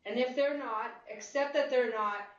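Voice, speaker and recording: A woman leading a chair yoga class, giving slow, calm guiding cues about posture and breathing. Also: a little high. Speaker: yoga instructor. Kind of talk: guided chair yoga instruction. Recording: roomy, distant, dull-sounding mic.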